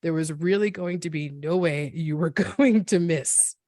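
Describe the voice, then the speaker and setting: A woman in her forties recounts her experience as a podcast guest. Her voice sits low, and the recording is dry and close. She speaks earnestly and thoughtfully, often pausing and restarting mid-sentence. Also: dark tone, no room sound. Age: 40s. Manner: earnest, reflective, halting with many restarts. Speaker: guest, NICU parent. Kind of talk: personal storytelling in a podcast interview.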